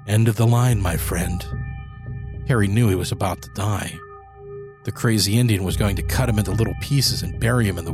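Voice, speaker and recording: A man narrating a horror story in a steady, measured storytelling manner. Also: lowish voice. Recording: voice over clear background music.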